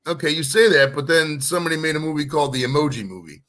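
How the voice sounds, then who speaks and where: A man's voice: on the high side, quick pace, fairly bright tone. A male podcast host ranting with brash, profane humor during a casual interview.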